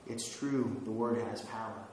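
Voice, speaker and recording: A man's voice: on the low side, steady tone, a little slow, a little mellow. A man preaching a sermon as pastor, talking conversationally, chuckling now and then and asking the listeners questions. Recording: very echoey hall with faint hiss.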